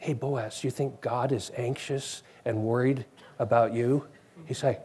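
A man's voice: medium pitch, fairly even intonation, measured pace, dark tone. A man preaching a conversational sermon, asking his congregation questions.

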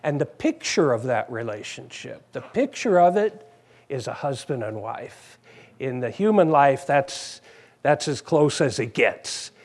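A man's voice: mid-range voice, big pitch swings, a little slow, husky. A married man preaching a sermon in a conversational way, repeating phrases and putting questions to the congregation.

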